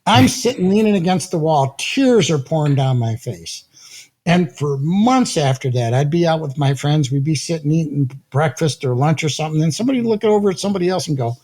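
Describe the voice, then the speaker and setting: Husky, lively older man telling stories. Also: a little high, brisk. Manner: lively anecdotes, acts out quotes, laughs often. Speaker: guest, audio company founder. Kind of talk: animated storytelling in conversation.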